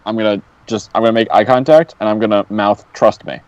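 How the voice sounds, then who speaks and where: A man's voice: fairly low pitch, fairly even intonation, fast talker, no room sound, muffled recording. A man playing in a tabletop game, eager and scheming, often restarting his sentences. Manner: eager, scheming, repeats himself. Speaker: player.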